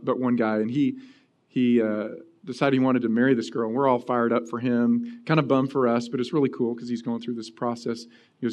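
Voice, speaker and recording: A middle-aged man preaching a sermon, telling personal stories in a lively way. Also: medium pitch. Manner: storytelling, animated, acting out quoted voices. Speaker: pastor.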